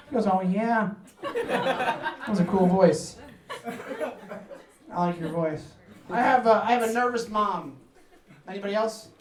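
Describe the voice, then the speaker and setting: Man from new york, stand-up comedian, animated and profane, roomy distant sound. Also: very high voice. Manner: animated, profane, acts out family voices. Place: apartment living room.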